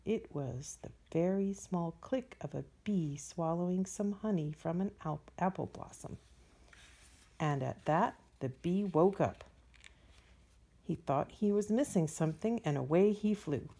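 Slow, mellow woman reading a bedtime story. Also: lowish voice. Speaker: storybook reader.

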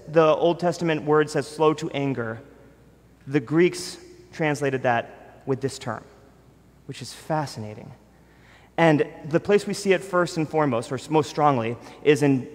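A male pastor delivering a sermon in a relaxed, conversational way, with casual asides and the odd filler. His voice sits a little high for a man and carries a long, ringing reverb from the church hall around him. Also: normal speed. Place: church sanctuary.

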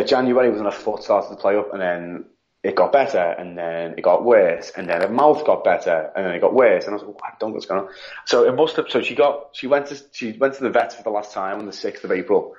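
A man with a lowish voice, grieving as he talks. He rambles as a podcast guest and voices the people in his story. The audio sounds dull and lo-fi. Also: darkish tone. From United Kingdom. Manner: rambling, retelling with quoted dialogue. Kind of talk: casual interview chat.

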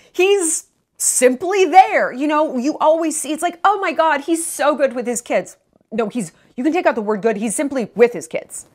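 A woman in her late thirties giving a blunt, profane, sarcastic movie review rant on her vlog, mocking other people's voices. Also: mid-range voice. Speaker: vlogger.

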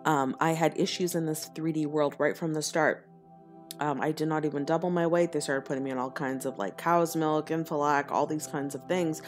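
A woman's voice: low-pitched, fairly even intonation, moderate pace, soft background music. A woman, a spiritual teacher, telling her life story in an earnest, confessional way, laughing now and then. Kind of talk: personal storytelling monologue.

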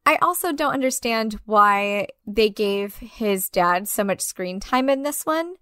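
A woman's voice: medium pitch, lively intonation, a little slow, pushed and bright, clear, resonant tone, no room sound, clean studio sound. A young woman co-hosting a podcast, chatting candidly and casually, swearing freely and peppering her speech with fillers. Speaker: podcast co-host. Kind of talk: casual chat.

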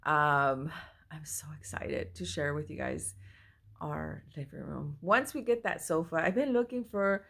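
A chatty, excitable woman with a lowish, gravelly voice, talking at home into a handheld camera. She speaks in a casual haul-vlog way and keeps apologizing as she shows her finds. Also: measured pace. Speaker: mother showing a thrift haul. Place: at home, indoors. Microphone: handheld phone or camera she moves around.

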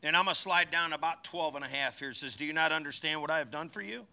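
A male pastor preaching a sermon at a church service, folksy and joking between scripture readings, growing louder and higher when he reads and exhorts. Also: fast talker, creaky.

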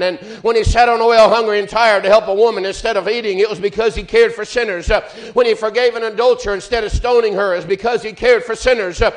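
A man preaching a fervent sermon in church, building rhythmic refrains and swinging between loud and hushed. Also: high voice. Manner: fervent, rising and falling in volume, repeated refrains.

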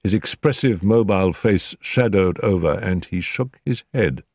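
An older man narrating a classic mystery in a measured storytelling manner. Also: deep voice, a little mellow, slightly rough, no room sound, studio quality. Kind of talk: audiobook narration.

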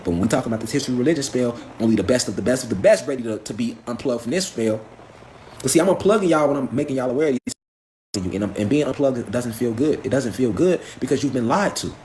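A man's voice: mid-range voice, lively intonation, fast talker, warm tone, slight background noise. A man giving a profane, preachy live stream lecture, firing off rhetorical questions. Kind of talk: impassioned live stream rant.

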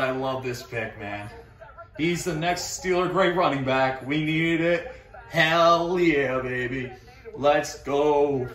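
A man reacting live to a sports draft pick, swearing constantly and repeating himself as he pleads and then shouts. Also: a little high, echoey room. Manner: profane, anxious pleading turning to wild shouting joy.

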